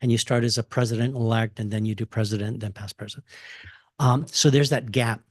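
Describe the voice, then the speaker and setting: An older man from Texas tells a story at a campus talk, chuckling often and restarting his sentences. His voice sits at an ordinary middle pitch and sounds close and dry, with no room echo. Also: fairly even intonation, fairly quick. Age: 60s. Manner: casual, chuckling, many fillers and restarts. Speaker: guest speaker. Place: lecture hall.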